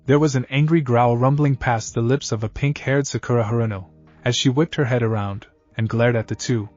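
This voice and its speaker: A man giving a steady scripted fan fiction narration, muffled, with faint music behind. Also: medium pitch, fairly quick.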